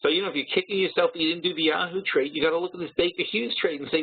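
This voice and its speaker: A man's voice: a little high, fairly even intonation, very fast, hardly any pauses, slightly rough. A man hosting a trading webinar, talking bluntly and working through numbers aloud with frequent restarts. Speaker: webinar host. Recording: tinny phone-like audio.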